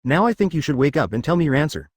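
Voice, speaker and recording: A synthetic man voicing a scheming, threatening crime boss in an audiobook, all cold confidence. His lines come fast and lively, with a dry close sound. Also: fairly high pitch, dry recording. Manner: confident, then blustering.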